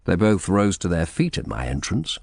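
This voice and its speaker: Low-voiced man narrating a historical mystery. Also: wildly swooping pitch, normal speed, vocal fry, darkish tone, no echo, clean studio sound. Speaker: audiobook narrator. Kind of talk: scripted first-person narration.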